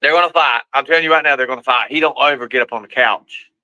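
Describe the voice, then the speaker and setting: Bright-voiced man streaming casually. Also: medium pitch, fast, dry recording, muffled recording. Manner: talks to his pets and viewers, swears freely; rough, colloquial speech. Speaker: live streamer. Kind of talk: casual live-stream chat.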